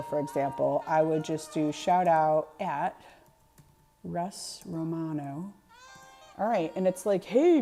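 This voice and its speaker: Chatty woman streamer with a mellow voice. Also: on the low side. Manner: chatty, laughs often, talks to chat by name. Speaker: art streamer. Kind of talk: casual live-stream chat.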